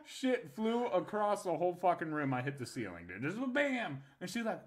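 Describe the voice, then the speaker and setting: A man's voice: sits high, very animated, normal speed, a little hiss or hum. A young man and podcast co-host telling a crude story in casual chat, laughing often.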